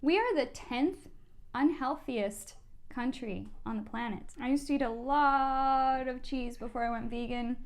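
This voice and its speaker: High-voiced woman in her thirties. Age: 30s. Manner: chatty, earnest, quick to agree. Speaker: vlog co-host. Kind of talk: casual chat.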